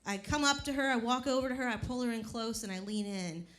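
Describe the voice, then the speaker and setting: A woman's voice: on the high side, quick pace, fairly bright tone. Brash, profane woman doing stand-up. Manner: brash and profane, punchy storytelling. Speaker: stand-up comedian. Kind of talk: stand-up comedy set. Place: comedy club stage before a laughing crowd. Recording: live club recording with faint crowd noise.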